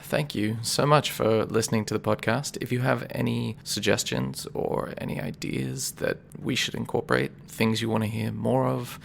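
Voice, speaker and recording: A man narrating as game master and podcast host, relaxed and chuckling as he goes. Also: mid-range voice, vocal fry, slight background noise.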